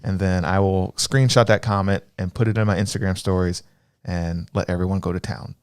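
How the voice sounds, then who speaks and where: A man with a light Texan accent co-hosting a casual livestream chat, joking and telling animated stories. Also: low-pitched, a little fast, clear, resonant tone, no echo, clean studio sound. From Texas. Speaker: livestream co-host.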